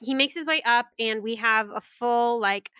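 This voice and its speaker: Woman co-host, high and bright, quick recap delivery, dry. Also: smooth, dry recording. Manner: quick narrating recap with fillers. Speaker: podcast co-host. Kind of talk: casual chat, recapping a book chapter.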